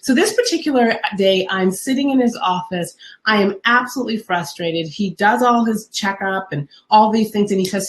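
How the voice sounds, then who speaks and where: A woman's voice: mid-range voice, normal speed. A middle-aged woman hosting a live wellness talk, telling a personal story earnestly and reading viewer comments aloud. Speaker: wellness host.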